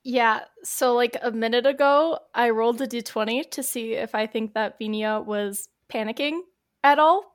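A woman's voice: fairly high pitch, normal speed. Chatty woman narrating her character. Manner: rambling, lots of fillers like "like" and "I think". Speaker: player.

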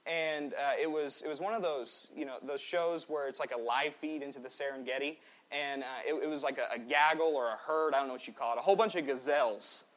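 A man in his twenties preaching a sermon in a church, swinging between loud exhortation and quiet, joking asides. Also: a little high, fairly quick. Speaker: pastor. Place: church sanctuary.

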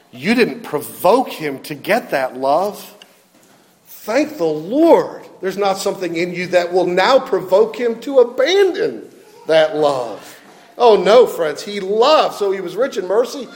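A man's voice: high-pitched, darkish tone, long reverb tail. A male pastor preaching a sermon emphatically, often repeating his questions and building to fervor.

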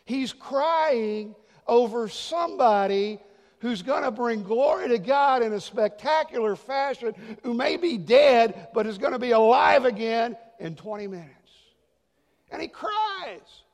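High-pitched pastor guy preaching, gets loud then goes almost whispery, big echoey church hall. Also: unhurried. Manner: dynamic preaching, swings from loud emphasis to hushed near-whisper. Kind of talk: sermon.

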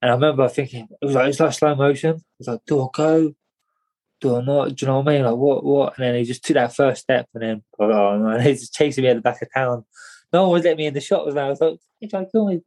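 A young man from tells his story as an interview guest. He talks in a loose, slangy way, restarting his sentences and repeating words as he goes. His voice sits at an ordinary, middle pitch. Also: fairly even intonation, rapid-fire, darkish tone, rough recording. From England. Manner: rambling, repeats words, slangy, calls listener mate. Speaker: guest, boxer.

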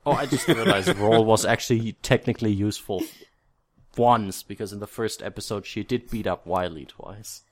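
A man's voice: lowish voice, normal speed. A man co-hosting a casual podcast chat, offhand and wry, tossing in questions. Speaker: podcast co-host.

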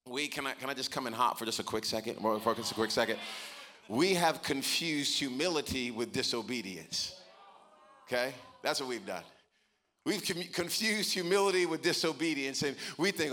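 A man's voice: medium pitch, normal speed. A man pastor giving a sermon, telling stories and building to emphatic points. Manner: storytelling, animated, building to emphatic preaching.

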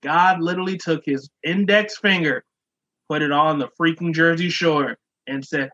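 Bright-voiced man ranting and joking. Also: a little high, moderate pace. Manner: animated, profane, joking rants. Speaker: podcast co-host. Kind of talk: casual chat. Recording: dull lo-fi sound.

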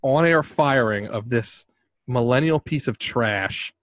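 A man's voice: mid-range voice, slow pace, a bit bright, dry recording. A man co-hosting a comedy radio show, acting heated and fired up for laughs. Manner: mock-heated, hyped-up. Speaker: radio co-host.

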